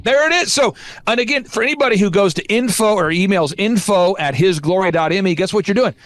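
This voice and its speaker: A man's voice: high voice, quick pace, a bit bright, dry recording. A man hosting a podcast, exhorting listeners in an emphatic, repetitive, preaching style. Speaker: podcast host and business coach. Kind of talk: impassioned preaching-style talk.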